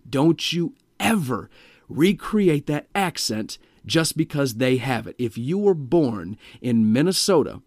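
A man's voice: mid-range voice, a little mellow, no room sound, clean studio sound. A man teaching sales skills in a direct, emphatic manner, asking his listeners rhetorical questions. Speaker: sales trainer. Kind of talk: instructional talk to camera.

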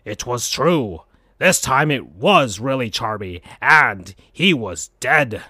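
A man hosting a podcast, reading absurd fan fiction aloud in a slow deadpan. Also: medium pitch, breathy edge, no room sound, studio quality. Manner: slow, deadpan, breaks into laughter. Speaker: podcast host.

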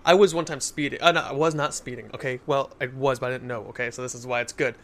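A man's voice: medium pitch, steady tone, fast talker, fairly bright tone. A young man in casual Christian podcast talk, earnest and telling stories to make his point. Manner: earnest, storytelling with acted quotes.

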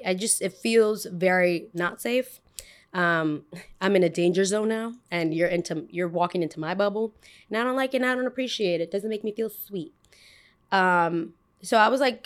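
Chatty woman in her 20s hosting a podcast, rambling a story with lots of "like". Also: lowish voice. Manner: animated, fills speech with "like" and "I was like". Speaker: podcast host. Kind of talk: casual storytelling monologue.

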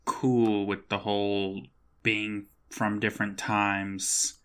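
Slow, bright-voiced man co-hosting. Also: lowish voice, flat delivery, clean tone. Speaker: podcast co-host. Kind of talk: casual chat.

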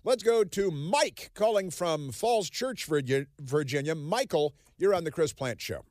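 A man's voice: fairly high pitch, lively intonation, a little slow, darkish tone, no echo, studio quality. A man hosting a political talk radio show, sarcastic and combative. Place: radio studio. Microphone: studio microphone.

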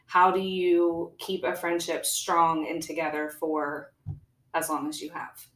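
Lower-voiced woman host, echoey room. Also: monotone, unhurried. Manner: earnest, admiring questions. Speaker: podcast host. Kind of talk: podcast interview.

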